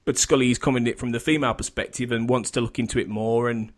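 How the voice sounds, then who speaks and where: A man's voice: medium pitch, fairly even intonation, racing. Rambling male podcast host, laughing a lot. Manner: rambling, self-interrupting, laughs often. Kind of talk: casual podcast chat.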